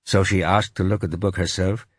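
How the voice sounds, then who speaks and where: Audiobook: man voicing a careful male inspector, low husky voice, lively pitch, dry. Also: a little fast, no echo. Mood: probing. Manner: careful, methodical questioning. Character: thoughtful male police inspector. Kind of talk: audiobook character voice.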